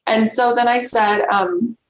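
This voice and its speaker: A woman guest on a podcast, telling a personal story in an earnest, emotional, halting way. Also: a little high, fairly even intonation. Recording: roomy echo with faint background noise.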